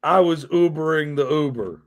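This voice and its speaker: A man's voice: a little high, normal speed, no room sound. Man, podcast host, swearing storyteller, acts out quotes, dry close sound. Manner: profane, animated storyteller acting out quotes. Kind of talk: casual storytelling chat.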